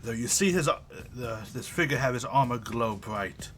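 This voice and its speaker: A man's voice: medium pitch, expressive, normal speed, a bit bright, faint music behind. A man running a tabletop game as game master, narrating casually with plenty of "like" and "kinda". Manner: casual, full of fillers and restarts.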